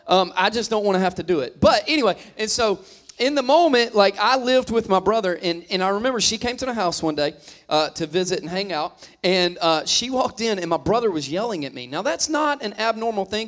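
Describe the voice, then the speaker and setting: A man in his thirties, a pastor, preaches a humorous sermon in a high-pitched, fairly bright voice. He jokes and teases the congregation as he tells stories to the crowd.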